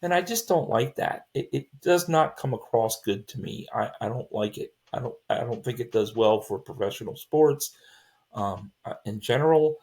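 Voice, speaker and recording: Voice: mid-range voice, expressive, moderate pace, darkish tone. A podcast host in a casual sports chat, rambling with many restarts, opinionated and exasperated. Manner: rambling, with frequent restarts and fillers.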